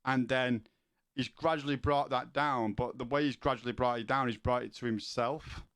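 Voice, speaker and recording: A man's voice: mid-range voice, smooth, no echo. A man streaming, chatting casually with viewers in a rambling way, with many restarts and questions to chat.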